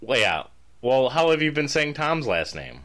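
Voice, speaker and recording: A man from Michigan co-hosting a casual podcast, playful and quick to laugh as he sets up silly scenes. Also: medium pitch, sing-song, a bit bright. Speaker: podcast co-host.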